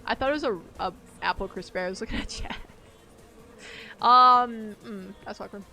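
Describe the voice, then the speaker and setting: A woman's voice: medium pitch, normal speed, sharp tone, soft background music. A woman streaming a game, chatting casually and rambling, laughing easily as she plays. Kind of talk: casual gaming livestream chat.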